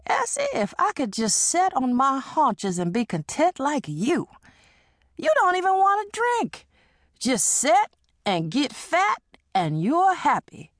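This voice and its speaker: A woman's voice: high-pitched, huge pitch swings, takes it slowly, no room sound, clean studio sound, exaggerated voice. A woman reading an audiobook and voicing a brash, hard-drinking woman who teases and schemes. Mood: teasing. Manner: teasing, bawdy, persuasive.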